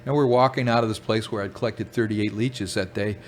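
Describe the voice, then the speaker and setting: A man's voice: on the low side, steady tone, brisk, a little hiss or hum. An older American man, a rainbowfish collector, telling rambling field stories in a casual podcast chat, with many restarts and chuckles. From United States.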